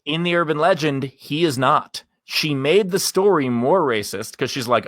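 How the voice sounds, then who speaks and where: A man's voice: fairly high pitch, moderate pace, a bit bright, no echo, studio quality. A male comedian telling a long story on a podcast in a candid, rambling way and swearing casually. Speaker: guest comedian.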